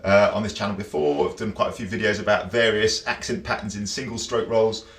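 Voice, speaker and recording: A chatty man gives a drum lesson from a room that rings with a roomy echo. His voice sits low, and he counts beats and scats rhythms as he explains. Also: flat delivery, a little fast, a bit bright. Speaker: drum teacher. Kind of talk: casual instructional talk.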